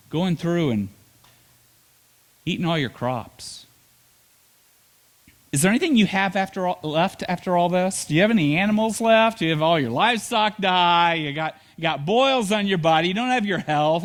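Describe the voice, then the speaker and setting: A man preaching a sermon as pastor, telling the story with playful asides and quick acted lines. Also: high voice.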